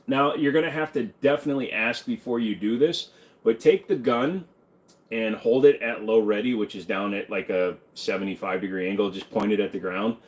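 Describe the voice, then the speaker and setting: Casual, cursing livestream host. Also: male voice, mid-range voice. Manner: loose, rambling, swears freely. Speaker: livestream host answering chat questions.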